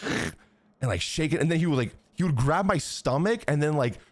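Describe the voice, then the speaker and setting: A man's voice: a little high, moderate pace, no room sound. Guy streamer ranting to chat, swears a ton, voice jumps all over, dry close mic. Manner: animated, crude, swears a lot. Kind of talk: casual storytelling to chat.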